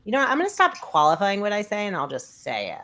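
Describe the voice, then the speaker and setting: A woman's voice: medium pitch, huge pitch swings, a bit bright. A woman moderating an online panel who speaks bluntly and wryly. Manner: blunt, brisk, wry. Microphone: video call.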